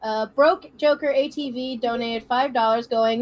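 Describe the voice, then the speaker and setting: Giggly high-voiced woman reading donations. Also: fairly even intonation, moderate pace, hardly any pauses, rough recording. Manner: giggly, playful teasing. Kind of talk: casual livestream chat.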